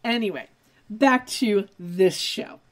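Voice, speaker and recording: A woman's voice: medium pitch, slow pace. A woman co-hosting a podcast, recapping a TV episode in casual chat with wry asides. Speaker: podcast co-host.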